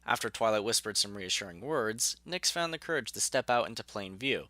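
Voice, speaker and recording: A man narrating a fan audio story in a measured, even way. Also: lowish voice, no room sound.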